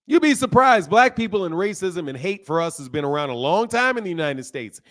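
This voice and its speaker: Male stream host with a high voice. Heated, slangy, repetitive lecturer answering chat. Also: big pitch swings, a little fast, few pauses. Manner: heated, lecturing, loose slang, repeats himself. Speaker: livestream host. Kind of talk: casual livestream talk, answering chat.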